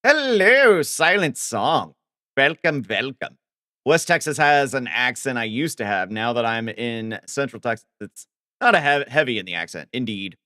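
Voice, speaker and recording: Lively bright-voiced man chatting on stream. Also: mid-range voice, no echo, studio quality. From Ohio. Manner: rambling, reads chat aloud and answers with quick laughs. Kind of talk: casual live-stream chat while coding.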